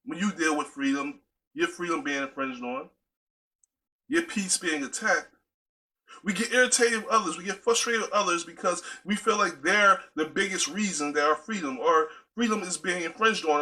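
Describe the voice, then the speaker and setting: A man talks straight to his viewers in a casual, preachy way. His voice sits high and sounds very bright. He keeps calling his listeners y'all. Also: rough recording. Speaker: video host. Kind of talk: casual direct-to-camera talk.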